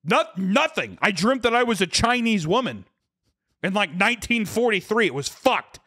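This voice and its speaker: A man's voice: high-pitched, normal speed, slightly rough. A young man co-hosting a podcast, telling a story in a casual, profane, comedic way and acting out the voices of the people in it. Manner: animated, profane, acts out quotes with screams. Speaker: podcast co-host.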